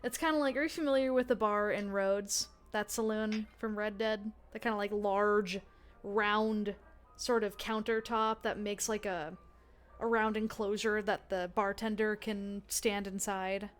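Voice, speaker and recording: A woman's voice: medium pitch, fairly even intonation, a little slow, faint music behind. A woman running a tabletop role-play game as game master, narrating in a chatty way full of fillers and restarts. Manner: chatty, lots of fillers and self-corrections.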